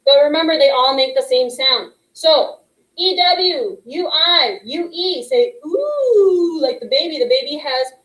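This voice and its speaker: A woman teaching young students a phonics lesson, patient and encouraging, slowly sounding out letter blends. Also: sits high, a bit bright, echoey room, rough recording. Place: classroom with a whiteboard. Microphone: microphone picked up partway.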